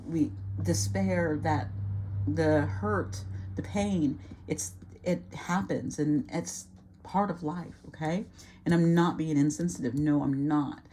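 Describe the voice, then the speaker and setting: A woman's voice: low voice, warm tone, slight background noise. A woman giving an earnest, reassuring tarot reading to camera, repeating phrases and trailing off mid-sentence. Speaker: tarot reader.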